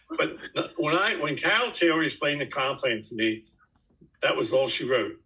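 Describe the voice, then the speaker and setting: A man's voice: fairly high pitch, very animated, normal speed, pushed and bright, poor audio. A man in his nineties tells his own story to his team in an emphatic, folksy way. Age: 90s. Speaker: network marketing top earner speaking to his team. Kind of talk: storytelling answer to a question.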